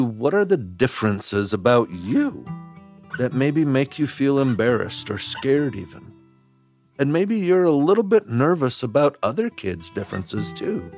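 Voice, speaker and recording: A man's voice: lowish voice, vocal fry, no room sound. A man from Wisconsin, hosting a children's podcast as a camp counselor, telling a story straight to young listeners with homespun phrases.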